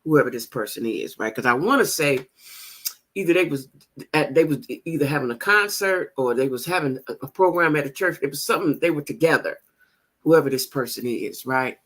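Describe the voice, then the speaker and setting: A woman's voice: deep voice, expressive, a little fast, a bit bright, breathy edge. A woman hosting a gossip show, chatting casually and directly to her viewers, repeating phrases for emphasis. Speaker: host of a gossip channel.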